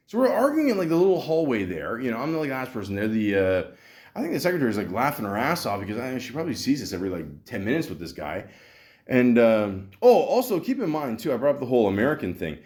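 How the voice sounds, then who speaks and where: A man's voice: mid-range voice, sing-song, quick pace, darkish tone. A man telling a story on his podcast in a casual, profane rant, full of stammered restarts and acted-out dialogue. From Canada. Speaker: podcast host.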